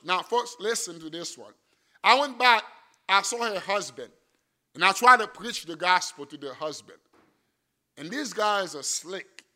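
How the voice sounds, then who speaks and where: A man preaching a sermon, swinging from loud emphatic lines to quiet storytelling. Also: extremely high pitch. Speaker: missionary preacher.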